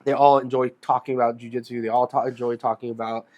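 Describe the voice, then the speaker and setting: A man's voice: mid-range voice, flat delivery, quick pace, a little mellow. A man in his forties co-hosting a podcast, chatting in an easygoing way, with many fillers and casual swearing. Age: 40s. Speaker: podcast co-host. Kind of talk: casual chat.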